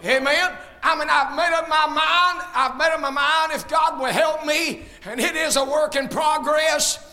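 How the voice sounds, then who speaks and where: A man preaching at full volume, with a very high, piercing voice. He shouts his points, then drops into folksy, joking asides. It is a fiery sermon from the pulpit. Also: fairly even intonation, measured pace. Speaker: pastor.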